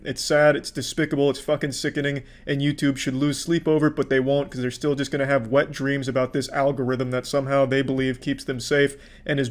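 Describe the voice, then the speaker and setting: A man giving casual online commentary in a deadpan, flat way, blunt and crude. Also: mid-range voice. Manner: deadpan, flat-affect delivery.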